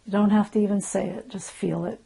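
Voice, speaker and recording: A middle-aged woman gently guiding listeners through an emotional tapping session, speaking slowly and softly. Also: mid-range voice, fairly even intonation, gravelly, husky. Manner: gentle, slow and soothing, often soft and hushed. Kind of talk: guided EFT tapping session.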